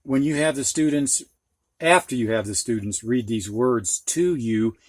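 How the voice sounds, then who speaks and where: Speaking at medium pitch and in no hurry, the older man leads a phonics lesson for students and teachers. He patiently sounds words out and explains them through everyday examples, recorded in clean studio sound with no echo.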